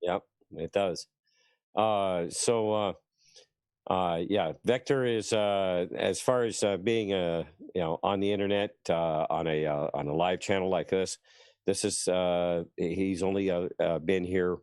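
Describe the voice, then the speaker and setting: A man's voice: low-pitched, fairly even intonation, a little slow, darkish tone, smooth, no room sound, clean studio sound. A man hosting a live online show, reading out viewer comments in a hesitant way, with many uhs. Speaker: host.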